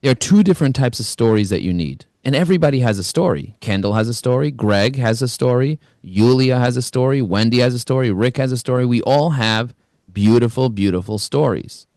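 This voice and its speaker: A man in his forties hosting a live online coaching session, energetic and storytelling, with rambling asides. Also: medium pitch, brisk, no room sound, studio quality. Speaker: host, LinkedIn coach.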